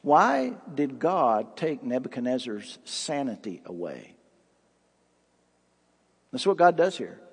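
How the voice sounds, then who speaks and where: A man's voice: medium pitch, slightly rough. A man preaching a sermon as pastor, reading scripture aloud with dramatic rises and drops. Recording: long hall reverb.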